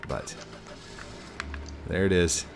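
A man's voice: very slow, music in the background. A man hosting a gameplay video, chatting casually while he plays, teasing his guest and laughing often. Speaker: gaming video host.

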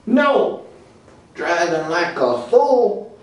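A man voicing George, a cocky, loudmouthed redneck puppet boxer with a high-pitched, brash drawl. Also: very animated, extremely slow, heavily acted. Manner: boastful and insulting. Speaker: ventriloquist's puppet. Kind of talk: ventriloquist comedy act. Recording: echoey hall from far off.

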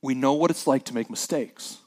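A man preaching a sermon as a pastor, reading scripture with lively acted-out voices and dropping quiet for the somber parts. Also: mid-range voice, a little fast. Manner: animated preacher who acts out scripture voices, dropping soft for somber moments.

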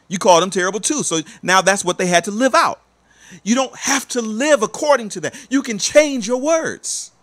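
A man delivers a motivational talk in the cadence of a sermon, pressing each point again and again. His voice sits a little high and swings widely in pitch as he exhorts the listener. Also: fairly bright tone. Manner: emphatic, repetitive, exhorting. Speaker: life coach. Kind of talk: motivational preaching.

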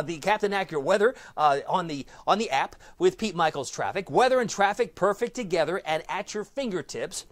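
A middle-aged man giving a casual weather forecast, with chatty, jokey asides to himself. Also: on the high side.

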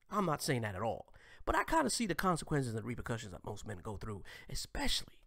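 A man hosting a live stream, ranting crudely and preachily, swinging between shouting and whispering. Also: on the high side, vocal fry.

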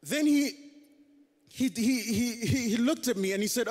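A man's voice: very high voice, normal speed, a little mellow. A man in his twenties from South Africa, preaching a personal testimony on stage in a conversational, self-deprecating storytelling manner. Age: 20s. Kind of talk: testimony sermon. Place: church stage. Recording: hall reverb.

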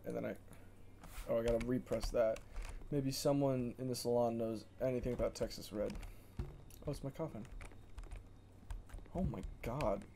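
A young man streaming video games, reacting excitedly and laughing as he plays. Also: mid-range voice, creaky, a little hiss or hum. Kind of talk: casual gaming commentary. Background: faint game music.

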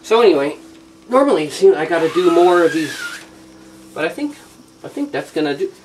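A man's voice: a little high, sing-song, fairly quick, background noise. A man hosting a how-to show, demonstrating by hand in an indoor workshop with a rambling, joking, self-deprecating manner. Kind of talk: casual hands-on demonstration.

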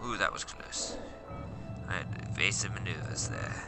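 Low-voiced man gaming, put-on accent. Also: moderate pace, loud music behind the voice. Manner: speaks in a put-on accent for fun; casual, mutters to himself while playing. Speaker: gaming channel host. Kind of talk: let's play commentary.

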